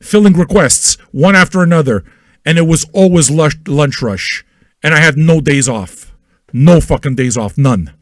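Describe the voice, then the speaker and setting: A man with a slightly high voice hosts an independent internet radio show, delivering a profane rant at normal speed. He's loud, manic and crude, yelling, repeating himself and firing repeated questions straight at his listeners. The recording is dry and studio quality.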